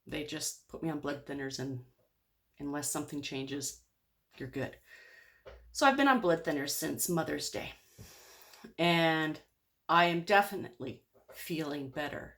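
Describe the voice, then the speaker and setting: A woman's voice: sits low, lively intonation, measured pace, long pauses, a bit bright. A woman speaking candidly in a personal video diary, open and rambling with lots of fillers. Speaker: vlogger.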